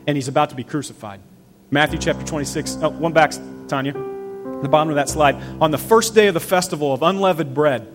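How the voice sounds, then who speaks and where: A man's voice: a little high, brisk. A man preaching a conversational sermon to his church, acting out the voices of the people he quotes. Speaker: pastor. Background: soft piano and guitar music.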